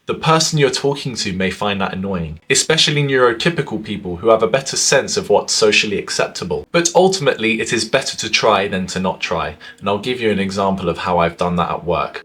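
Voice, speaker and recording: A man in his twenties who talks to the camera in an earnest way, giving social advice, with his pitch and loudness swinging widely. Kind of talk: talking to camera.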